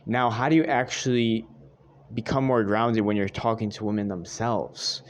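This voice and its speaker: A young man with a fairly low voice delivers a dating-advice monologue to his viewers. He is earnest and a little repetitive, and he keeps coming back to "I'm telling you guys.". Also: steady tone, moderate pace, slight background noise. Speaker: dating coach. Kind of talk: direct-to-camera advice monologue.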